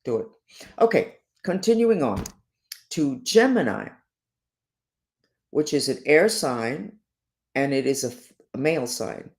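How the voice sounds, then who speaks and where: A woman presenting weekly horoscopes in an unscripted monologue, animated and emphatic, swinging between loud stresses and quiet asides. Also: rumbling low, unhurried, long pauses.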